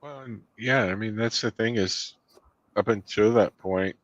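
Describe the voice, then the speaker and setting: A man's voice: lowish voice, unhurried, no echo, lo-fi sound. A man co-hosting a casual film commentary, mostly giving short remarks of agreement.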